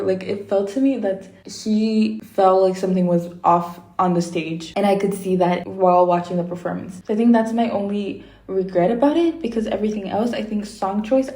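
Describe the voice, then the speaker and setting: Chatty woman with a mellow voice. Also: medium pitch, reverberant. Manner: chatty and opinionated, gushing praise. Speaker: vlogger reviewing performances. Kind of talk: casual opinion commentary.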